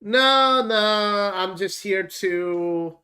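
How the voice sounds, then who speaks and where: High, bright-voiced male streamer. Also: smooth, rough recording. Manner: joking, halting, full of fillers. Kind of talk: casual game stream chat.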